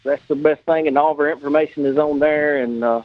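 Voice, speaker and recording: Guy telling a story and doing everybody's lines, kinda high voice, dull dry recording. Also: fast talker, no room sound. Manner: animated anecdote teller acting out quoted dialogue. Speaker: guest, custom car builder. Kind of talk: casual storytelling.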